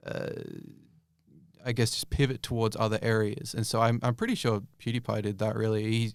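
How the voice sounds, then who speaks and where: Smooth-voiced man, rambling interview guest. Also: mid-range voice, no echo, clean studio sound. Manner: rambling, many fillers and restarts. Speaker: YouTube creator guest. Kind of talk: casual interview answers.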